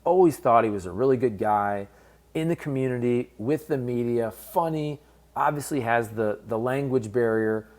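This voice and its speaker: A man's voice: medium pitch, normal speed, darkish tone. Conversational male sports commentator. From based in St. Louis. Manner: conversational, candid, fan-focused. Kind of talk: casual commentary vlog.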